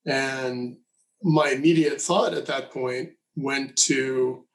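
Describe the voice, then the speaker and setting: A man with a mid-range voice speaks on a podcast in a calm, thoughtful manner. He weighs his words as he talks, with a conversational tone. His pitch sits in the middle for a man. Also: slow, poor audio. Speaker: podcast co-host. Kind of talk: conversational discussion.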